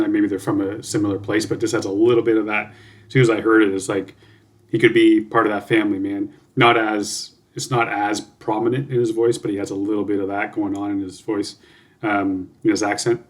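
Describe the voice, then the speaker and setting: A man's voice: fairly low pitch, level tone, fairly quick. A Canadian man hosting a music reaction video, talking casually, swearing freely and thinking aloud with lots of fillers.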